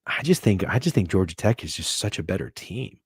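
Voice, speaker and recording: A man hosting a sports betting show, talking casually, swearing freely and swinging from hushed asides to loud bursts. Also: sits low, lively intonation, a little fast, breathy edge, no room sound, clean studio sound. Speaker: sports betting podcast host.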